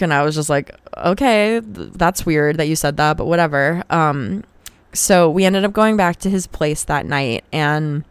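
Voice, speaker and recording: Brief: woman podcast host with a low, smooth voice, recorded dry and close. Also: no echo. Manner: candid, swears freely. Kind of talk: casual storytelling.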